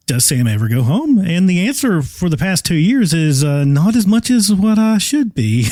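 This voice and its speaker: A man's voice: on the high side, sing-song, brisk, few pauses, a little mellow, no echo. A man hosting a casual solo podcast, talking in a folksy, enthusiastic, rambling way from home. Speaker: podcast host.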